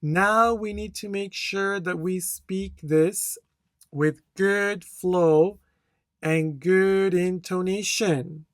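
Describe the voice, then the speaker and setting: A language test instructor giving a speaking tutorial, talking slowly and deliberately, checking in with "okay?" after each point and reading a model answer with careful intonation. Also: mid-range voice, fairly even intonation, no room sound.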